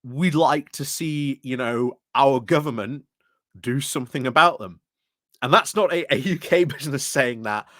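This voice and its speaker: A man's voice: medium pitch, moderate pace, fairly bright tone, dry recording. Guy talking politics on his channel, rambly, lots of "you know", dry close sound. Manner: rambling, many fillers and restarts. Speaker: political commentary channel host. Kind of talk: casual explanatory commentary.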